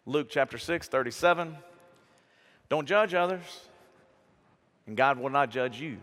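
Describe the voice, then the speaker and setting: A man preaching a lively sermon, telling stories and acting out quotes in raised voices. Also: a little slow. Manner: animated storytelling, acts out quotes in high voices. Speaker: pastor. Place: church sanctuary. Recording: long reverb of a church hall.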